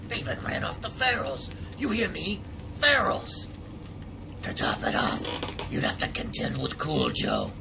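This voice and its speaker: A man voicing a paranoid old male trader who lives in the sewers, talking excitably and repeating words with rising alarm in game dialogue. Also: mid-range voice, background noise. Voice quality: gravelly.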